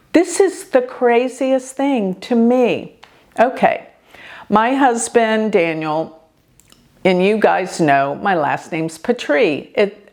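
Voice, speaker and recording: An older woman hosting an astrology show, telling a personal story in an earnest, expressive way. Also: mid-range voice. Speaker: astrologer host.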